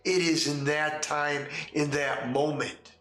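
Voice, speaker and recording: Male host and game master, bright, emphatic, repetitive, echoey room. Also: a little high, little pitch movement, slow, soft background music. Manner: emphatic, repetitive, rhetorical questions. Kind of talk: casual opinion talk.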